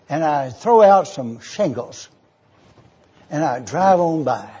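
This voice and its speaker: A man's voice: high voice, a little mellow, slightly rough, muffled recording. A man preaching a sermon, eagerly teaching word meanings and spelling terms out letter by letter. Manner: enthusiastic teaching.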